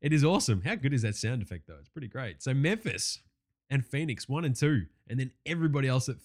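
Host: Australian man, lively up-and-down delivery, profane and excitable sports chatter. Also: mid-range voice, quick pace. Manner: profane, excitable, laughing rants. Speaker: podcast host. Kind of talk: casual sports podcast chat.

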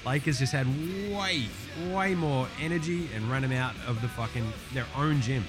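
A man hosting a casual sports recap, brash and profane with quick wisecracks. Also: mid-range voice, over music. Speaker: podcast host.

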